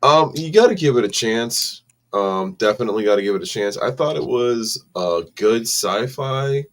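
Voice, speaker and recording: A man's voice: mid-range voice, expressive, normal speed, a bit bright. A man co-hosting a casual podcast, blunt and contrary, swearing freely. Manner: crude, profane, blunt and contrary. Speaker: podcast co-host. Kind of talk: casual chat.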